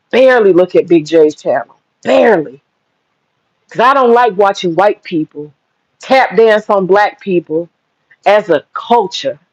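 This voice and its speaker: A mid-range female voice belongs to a livestream host delivering a blunt, heated rant packed with swearing. The sound is dull, lo-fi and dry, with no echo.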